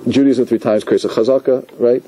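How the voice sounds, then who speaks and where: A rabbi teaching a class, telling stories with lively acted-out quotes and asking his listeners questions. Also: medium pitch, a little fast, slight background noise, low-quality recording. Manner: animated storytelling, asks the audience questions, acts out quotes. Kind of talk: lecture to a class.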